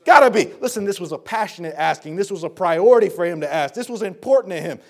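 A man with a high, gravelly voice preaches a sermon. He talks to his listeners as folks in a plain, earnest way. He moves between quiet explaining and loud, fervent appeals. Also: fast. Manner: swings between low explanation and shouted appeals.

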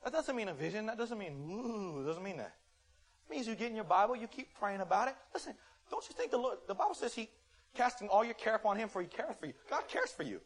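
Husky, animated man preaching a sermon. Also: high voice. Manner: shifts between shouted scolding and quiet, earnest testimony; acts out little dialogues in quick put-on voices.

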